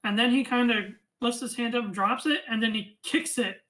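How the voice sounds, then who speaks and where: A woman running a tabletop game as game master, narrating the action and reading out rules in a casual, quick way. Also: a little high, fairly bright tone, low-quality recording.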